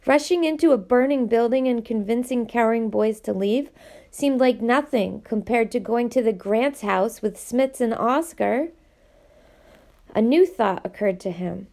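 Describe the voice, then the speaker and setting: Woman reading a chapter book out loud, fairly high voice, bit of vocal fry. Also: unhurried. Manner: expressive, animated character reading. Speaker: audiobook reader. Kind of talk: reading a novel aloud.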